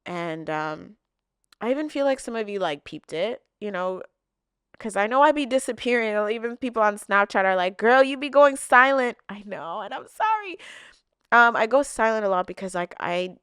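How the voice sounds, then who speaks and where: A young woman chats casually and heartfelt to camera, answering viewer questions openly and emotionally with lots of filler words. Her mid-range voice is animated, fairly bright, clear and resonant, at normal speed. The recording is dry, with clean studio sound.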